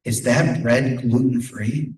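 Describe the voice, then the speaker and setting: A man's voice: medium pitch, fairly even intonation, slow pace, a little mellow, close to an everyday voice. A bored, contrarian teenage boy brushes things off in an offhand, dismissive way, as a man puts on his son's voice. The voice sounds like it was caught from a distance in an echoey room.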